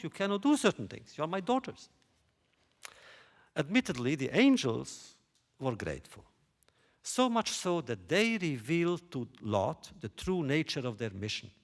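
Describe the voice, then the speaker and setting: A man giving a lecture on a biblical text, posing rhetorical questions in a deliberate way. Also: a little high. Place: lecture hall stage.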